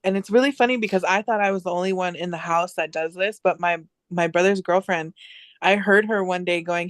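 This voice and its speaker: Woman guest, casual chat, animated, restarts often, dry sound. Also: lowish voice, fairly quick, no room sound.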